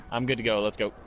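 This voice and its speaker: A man's voice: mid-range voice, noisy background. A man chatting casually while gaming, easygoing and matter-of-fact. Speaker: co-player.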